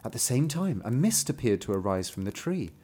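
A man reading a fairy tale aloud with a wry, animated manner, breaking off to joke. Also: mid-range voice, a little fast. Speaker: storyteller.

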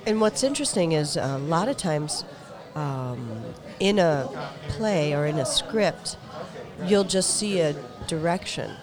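A podcast co-host with a medium-high voice talks in a relaxed, wry way during casual chat. Music plays clearly behind. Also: a little slow, a crowd in the background.

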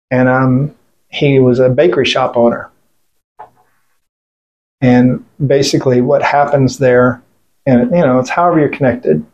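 A man with a medium-pitched, slightly mellow voice, a military veteran appearing as an interview guest, tells a blunt, casual story full of swearing. He rambles with restarts and fillers and quotes what others said along the way.

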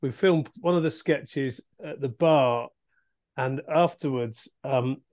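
A man's voice: mid-range voice, slow pace, darkish tone. Dry English male storyteller. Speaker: podcast co-host. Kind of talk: casual anecdote telling.

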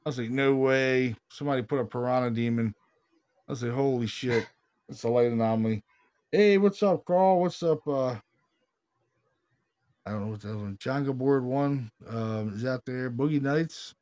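Chatty podcast guy, mid-pitched, gets loud and animated telling stories, lots of "dude" and "you know what i mean". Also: moderate pace. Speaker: podcast host, paranormal investigator. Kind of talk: casual chat.

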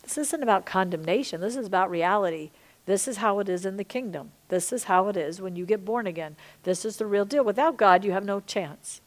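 A middle-aged woman, a Christian teacher and minister, gives sermon-style teaching on a podcast with passion. Speaking fairly quickly at medium pitch, she drops to hushed whispers and rises to loud emphasis.

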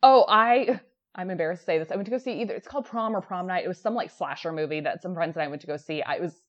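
A woman's voice: on the low side, fast, dull audio. A woman in her thirties co-hosting a podcast, chatting casually with lots of fillers and laughs. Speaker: podcast co-host. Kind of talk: casual chat.

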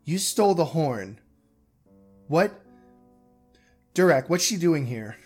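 A man voicing an excitable, suspicious woman in a tabletop game who accuses the others sharply. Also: low voice, slow, husky, soft background music, exaggerated voice.

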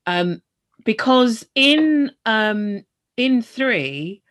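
A woman's voice: on the high side, animated, drawn-out words, fairly bright tone. A woman co-hosting a podcast, chatting casually and animatedly about a film, swearing freely and talking over her partner. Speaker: podcast co-host.

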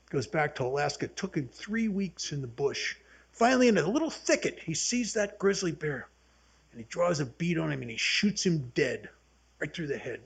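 Speaking at an ordinary pace, this husky, somewhat high-voiced man sounds animated. He is an AA workshop speaker in his seventies, earnestly guiding a recovery group and spinning folksy tales.

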